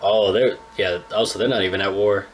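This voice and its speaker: A man's voice: on the low side, fairly even intonation, brisk. A young man hosting a casual anime reaction, chatting in laid-back slang with a slightly stuffy nose. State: a little stuffy-nosed. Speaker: anime reaction channel host.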